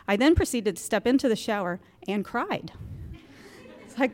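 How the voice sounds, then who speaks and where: A woman's voice: a little high, animated, normal speed, big-room sound. A woman in her fifties giving a candid, self-mocking talk to a group of mothers in a church gym, laughing often. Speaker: guest speaker at a moms' group. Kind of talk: personal talk to an audience.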